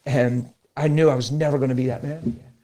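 A middle-aged man, a pastor, talking about faith in a lively conversational preaching style, acting out quotes as he tells stories. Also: mid-range voice, fast talker. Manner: animated storytelling, acts out quotes. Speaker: pastor guest.

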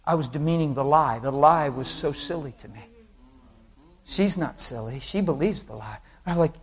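A man preaching a sermon, telling an anecdote with lively acted quotes and laughing along with the congregation. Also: on the high side, a little fast. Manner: animated storytelling, voices quotes, laughs with the crowd.

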